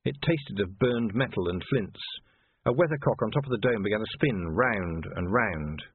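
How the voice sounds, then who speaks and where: Brief: male audiobook narrator, animated delivery, tinny phone-like sound. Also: fairly low pitch, normal speed, slightly rough, dry recording. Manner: expressive storytelling. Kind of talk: scripted narration.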